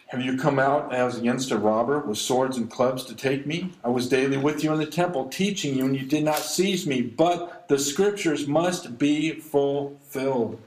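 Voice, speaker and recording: A man preaching an expository sermon, reading scripture aloud and commenting on it, slowing down to stress key lines. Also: on the high side. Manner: reads verses aloud then comments, slows for emphasis. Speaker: pastor. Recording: echoey room.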